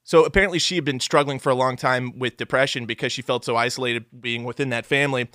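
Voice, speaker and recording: A man's voice: medium pitch, fairly even intonation, fast, pushed and bright, no room sound, studio quality. A man co-hosting a podcast in casual, profane, joking chat. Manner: profane, joking, slips into mocking voices. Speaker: podcast co-host.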